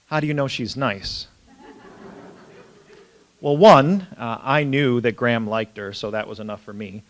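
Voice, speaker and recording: A man's voice: mid-range voice, a bit bright. Man telling funny childhood stories. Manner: humorous, self-deprecating anecdotes with frequent fillers. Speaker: priest. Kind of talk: storytelling talk.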